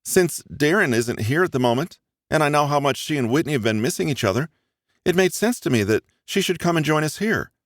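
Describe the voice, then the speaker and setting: Audiobook role: man reading a cheery young woman, raised and lively, breezy and quick. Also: a little high, dry recording, clean studio sound, voice pushed up, close to an everyday voice. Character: bright, cheerful young woman, expecting a baby.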